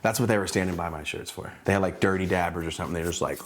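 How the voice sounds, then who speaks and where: A man's voice: very fast, a little hiss or hum. A young man telling a casual story about running his streetwear brand, slangy and laid-back, acting out his own lines with big jumps in his voice. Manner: animated, acts out his own quotes with big pitch jumps.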